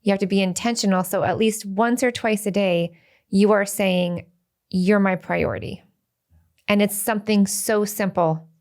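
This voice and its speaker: A woman's voice: mid-range voice, steady tone, moderate pace, darkish tone. Earnest woman podcast co-host. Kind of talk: podcast conversation.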